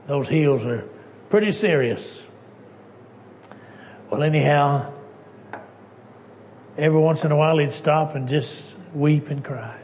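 A man preaches with a voice pitched a little above most men's. He tells his stories emphatically, dropping to a hush and then climbing to loud lines. A faint hiss of noise sits under the recording. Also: slow pace, long pauses. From Texas. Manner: emphatic storytelling, swinging from hushed to loud. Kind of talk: sermon.

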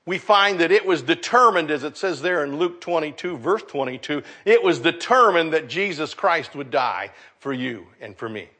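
A middle-aged male pastor preaching a sermon, building emphasis and letting line endings fall soft. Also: on the high side, expressive, moderate pace, hardly any pauses.

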